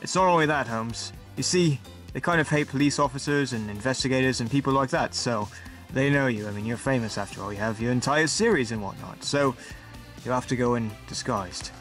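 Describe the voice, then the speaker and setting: Dude doing a nervous sidekick doc, low and quiet, comedy skit, faint music behind. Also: male voice, fairly quick, close to an everyday voice. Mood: anxious. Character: fretful male sidekick doctor Watson. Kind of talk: amateur comedy audio sketch.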